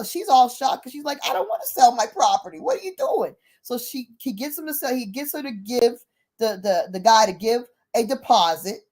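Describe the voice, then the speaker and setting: A woman with a fairly high voice telling a story in a casual, chatty way. She is animated and uses plenty of fillers. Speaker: speaker.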